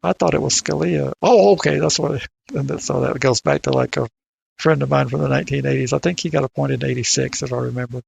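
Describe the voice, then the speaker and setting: Older guy on a podcast, raspy fry in his voice, dry close sound, keeps restarting his sentences. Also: mid-range voice, lively intonation, darkish tone, dry recording. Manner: halting, repeats words when starting sentences. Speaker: podcast co-host. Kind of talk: casual podcast discussion.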